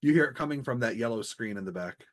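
A man narrates a tabletop game as game master, relaxed and easygoing. His pitch moves around a lot as he describes the scene and explains the rules. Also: fast.

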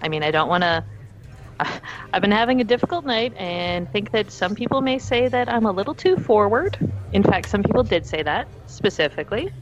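A woman's voice: medium pitch, expressive, moderate pace, dull audio, lightly acted. A woman voicing a friendly, forward young librarian from the countryside who talks in a chatty, eager, earnest way.

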